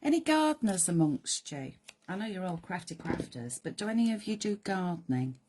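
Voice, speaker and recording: A woman with a slightly low, croaky voice leads a live card-making demonstration. She chats along in rambling asides to her viewers as she works. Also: sing-song, moderate pace, noisy background. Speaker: crafting host.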